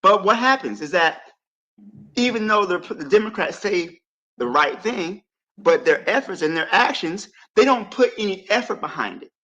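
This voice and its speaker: Animated man arguing politics. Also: sits high, normal speed, poor audio. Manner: animated, argues with rising emphasis. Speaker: panel guest. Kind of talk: heated panel debate.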